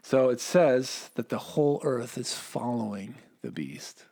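A man's voice: medium pitch, very animated, measured pace, vocal fry, mellow. A man giving a casual Bible teaching in a rambling, joking way, correcting himself often and asking rhetorical questions.

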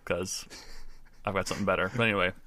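A man's voice: low-pitched, fairly even intonation, fast talker, sharp tone. A man playing in a tabletop game, chatting casually with his game master in an easygoing, self-mocking way and laughing often. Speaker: player.

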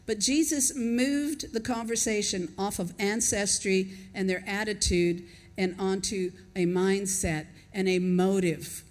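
A woman's voice: mid-range voice, fairly even intonation, unhurried. A woman preaches to her congregation in an easy, conversational way. She thinks aloud and puts questions to the listeners as she goes. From not from Australia, lives there. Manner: conversational, reflective, chuckles between points. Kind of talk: sermon.

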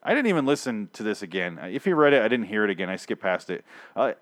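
A man casually recapping a TV episode in a rambling, profane, animated way. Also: lowish voice, fast talker. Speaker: TV show recapper.

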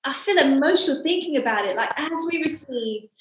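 A woman co-hosting a casual faith discussion podcast, telling everyday stories with quick asides. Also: high voice, animated, a little hiss or hum. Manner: chatty storyteller, quick asides. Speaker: podcast co-host. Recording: echoey room.

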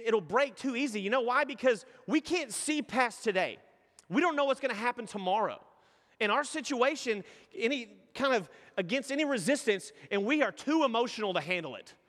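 Speaking in a large hall, a pastor in his thirties delivers a sermon in a high voice. His storytelling is lively, and he performs the voices of the people in his tales.

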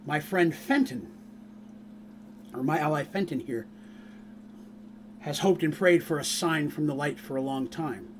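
A man voicing a composed, formal elven woman who leads her people, speaking in a measured, gracious way. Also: on the high side, slight background noise, voice pushed down, lightly acted.

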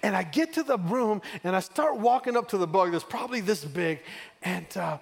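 High-voiced preacher from West Texas. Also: male voice, lively intonation, normal speed, vocal fry, slightly rough. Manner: call-and-response, rising to shouts. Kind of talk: sermon with personal story.

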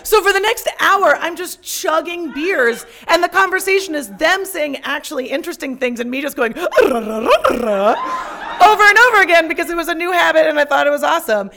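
A young woman telling a personal story on stage, profane and self-mocking, shouting out her punchlines. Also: very high-pitched, quick pace, vocal fry, few pauses, slight background noise.

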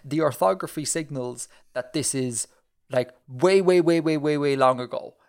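A man's voice: fairly high pitch, normal speed, smooth. Man, podcast co-host, chatty and digressive, loose filler-heavy delivery. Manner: rambling, animated, lots of fillers and restarts. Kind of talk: casual chat.

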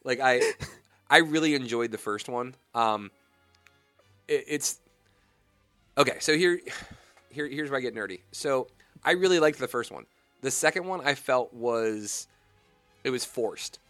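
A man's voice: unhurried, long pauses, dry recording, soft background music. A young adult man hosting a radio talk show, chatting casually and ranting with growing animation. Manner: animated, rants with rising pitch and volume. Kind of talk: casual chat. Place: radio studio.

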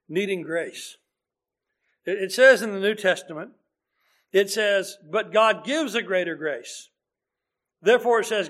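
High-voiced man preaching a sermon. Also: a bit bright. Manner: earnest, conversational preaching with scripture reading.

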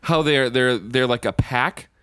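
A man's voice: medium pitch, unhurried, fairly bright tone, clear, resonant tone, no room sound, studio quality. A man co-hosting a casual movie podcast, enthusiastic and swearing casually as he reacts. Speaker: podcast co-host. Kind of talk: casual film chat.

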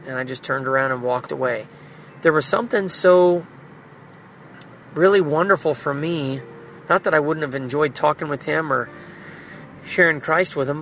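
Gravelly man in an earnest prayerful diary. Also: on the high side, a bit bright, a little hiss or hum, rough recording. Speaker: video diarist. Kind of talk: personal spiritual video diary. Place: car.

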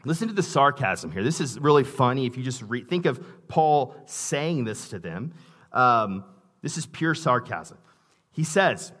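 A man's voice: on the high side, expressive, measured pace, fairly bright tone. A man preaching a sermon in a conversational way, with asides and restarts, reading scripture aloud with emphasis. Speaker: pastor.

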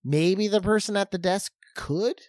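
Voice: mid-range voice, measured pace, a little mellow, no echo, studio quality. A speaker in casual chat, blunt and swearing often, laughing along.

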